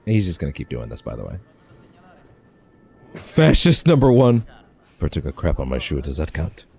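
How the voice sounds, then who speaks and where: A man's voice: rumbling low, lively intonation, very fast, creaky, dark tone, breathy edge. A man casually commenting as he streams a game, rambling and often restarting his phrases.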